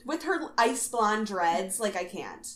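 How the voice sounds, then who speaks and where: A woman's voice: medium pitch, very animated, takes it slowly, a loud crowd. A young woman co-hosting a podcast, chatting casually about a TV show in a laid-back, wry, giggly way. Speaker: podcast co-host recapping a TV show. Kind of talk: casual chat.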